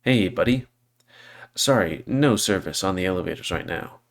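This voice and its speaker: A man voicing a gruff male tiger worker who brushes people off. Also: low-pitched, animated, normal speed. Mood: curt. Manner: curt and dismissive.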